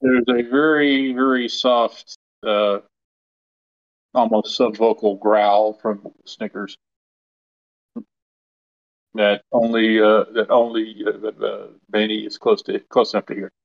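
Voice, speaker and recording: A man running a tabletop game as game master, explaining in a halting way with many fillers. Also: lowish voice, little pitch movement, gravelly, highs cut off.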